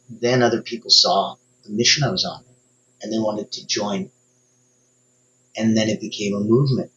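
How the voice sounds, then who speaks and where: A man's voice: fairly bright tone, highs cut off, slight background noise. Male coach with a middle-range voice, giving an emphatic motivational talk straight to the listener. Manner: emphatic, speaks straight to the listener, sudden upward pitch jumps.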